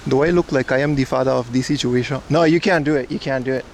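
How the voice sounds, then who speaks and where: A man's voice: mid-range voice, fast, darkish tone, a little hiss or hum. A man hosting a casual livestream outdoors on the street, rambling and chatting with his viewers as he walks. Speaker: livestream host. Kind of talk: casual livestream chat while walking. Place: outdoors on streets and at a shrine in hot weather.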